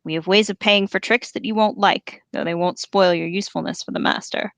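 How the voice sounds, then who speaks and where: A woman voicing a gruff male orc captain who barks harsh, impatient orders in a storybook reading. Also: mid-range voice, steady tone, a little fast, a bit bright, no echo. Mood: commanding.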